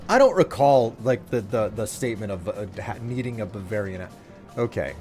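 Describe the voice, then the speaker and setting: A man's voice: fairly low pitch, expressive, moderate pace, long pauses, darkish tone, faint music behind. A man streaming a video game live, chatting playfully with his viewers and putting on mock outrage at them. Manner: playful, mock-indignant, talks to chat.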